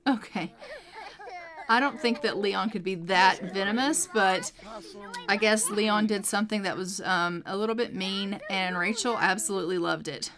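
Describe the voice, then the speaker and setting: A woman's voice: mid-range voice, normal speed, fairly bright tone. A young adult woman narrating a life-simulation game in a casual storytelling way, with frequent fillers. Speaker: let's play narrator.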